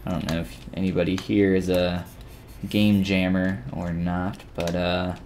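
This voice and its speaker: Deep-voiced man chatting through a live sculpting tutorial. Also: measured pace, slight background noise. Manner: relaxed, rambling, with frequent fillers and restarts. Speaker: 3D sculpting instructor streaming live. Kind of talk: casual live-stream tutorial, chatting with viewers while working.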